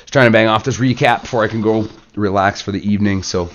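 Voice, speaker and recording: A man hosting a gaming channel, relaxed and chatty in casual play-by-play commentary, sick and stuffed up. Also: lowish voice, quick pace, lo-fi sound, slight background noise. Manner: relaxed, chatty, lots of filler words.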